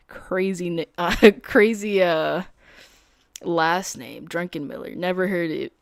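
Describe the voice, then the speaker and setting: A woman's voice: lowish voice, takes it slowly, creaky, dry recording, studio quality. A young adult woman streaming as a day trader, talking casually in slangy speech, laughing easily and explaining her setups.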